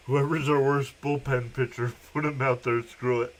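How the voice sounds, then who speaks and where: A young man calls a baseball game live for his stream, reading out viewer comments between pitches. His voice sits at an ordinary middle pitch, and he laughs a lot as he talks. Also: a little hiss or hum. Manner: laughs often while calling pitches and reading chat. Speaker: live stream play-by-play host. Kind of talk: casual live play-by-play commentary.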